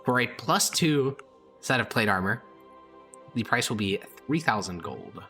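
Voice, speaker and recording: A man's voice: mid-range voice, animated, unhurried, sharp tone, soft background music. A man running a tabletop game as game master, casual and joking, swearing and laughing often.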